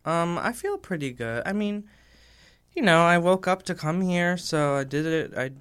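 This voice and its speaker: A man in his thirties, a podcast guest in casual chat, with dry, deadpan humor. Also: fairly high pitch, moderate pace, smooth. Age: 30s.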